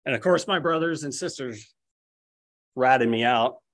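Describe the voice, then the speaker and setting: A man's voice: medium pitch, measured pace, a bit bright. A man in his thirties preaching a sermon, retelling scripture and family stories, acting out the people he quotes. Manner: storytelling, quotes figures in raised voices.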